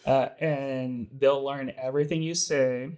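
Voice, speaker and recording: A man's voice: medium pitch, fairly even intonation, measured pace, darkish tone, clear, resonant tone. Laid-back man chatting casually. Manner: easygoing, talkative, says "right?" often. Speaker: podcast co-host, new father. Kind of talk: casual chat.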